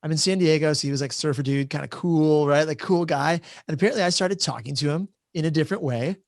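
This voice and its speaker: A man with a slightly raised voice talks fast in a casual online panel, recorded dry and close. He tells stories in a chatty, self-deprecating way. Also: a little high, no echo. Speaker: panel moderator. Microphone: video call.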